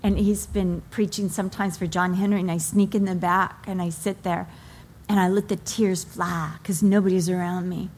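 A woman's voice: on the low side, fairly even intonation, a little mellow, a little hiss or hum. Middle-aged woman preaching with heartfelt emphasis. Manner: heartfelt, emotional storytelling about her children; slow, deliberate emphasis on key phrases. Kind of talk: sermon.

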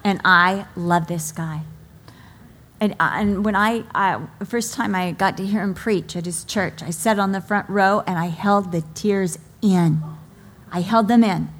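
A middle-aged woman preaching a sermon. She speaks with emotion, mixes stories about her children into her teaching, and slows down to stress key phrases. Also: mid-range voice. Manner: slow, deliberate emphasis on key phrases.

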